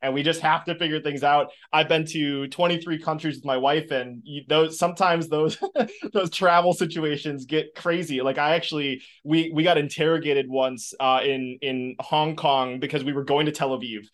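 A man hosting a podcast, talking to his guest in an enthusiastic, loose, rambling way. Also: a little high. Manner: enthusiastic, loose, with fillers and restarts. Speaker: podcast host. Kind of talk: conversational podcast interview.

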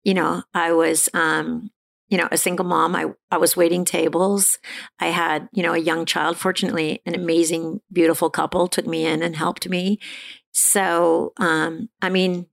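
Middle-aged woman, gravelly voice, lowish pitch, halting candid storytelling. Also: little pitch movement. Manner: halting, frequent restarts and fillers, laughs now and then. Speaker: guest sharing her recovery story.

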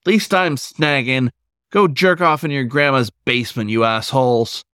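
A man's voice: fairly low pitch, expressive, normal speed, a bit bright, no echo, clean studio sound. A man voicing an anxious, bratty male wolf with a snappy, barking way of talking. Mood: angry.

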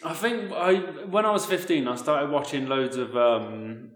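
Interview guest, man, thirties; relaxed and chatty, recorded in an echoey room. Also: medium pitch, unhurried. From Northamptonshire and East London, England. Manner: relaxed, laughs often, full of "like" and "yeah". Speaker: guest, movement coach. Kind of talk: casual interview.

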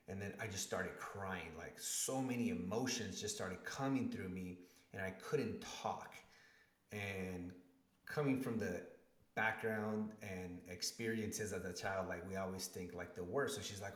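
Deep-voiced man telling a story, echoey room. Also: a little slow. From Spanish-speaking family. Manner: animated storyteller, acts out quotes with rising emotion. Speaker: guest. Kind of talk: personal storytelling interview.

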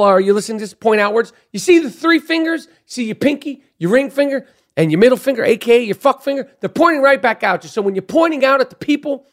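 High-voiced man ranting about sports. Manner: profane, emphatic, addresses players directly. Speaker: sports podcast host. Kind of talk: opinionated sports rant.

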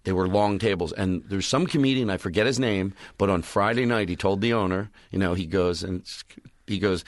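A man's voice: low voice, fairly quick, no room sound, studio quality. A man, a stand-up comedian, chatting casually and rambling through stories, acting out his own club announcements. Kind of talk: casual podcast chat.

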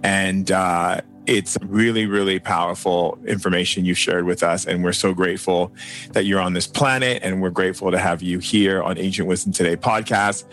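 A man's voice: sits low, fairly even intonation, moderate pace, fairly bright tone. A man hosting a podcast interview, effusive and exclamatory, laughing often. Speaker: podcast host. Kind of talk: enthusiastic interview chat.

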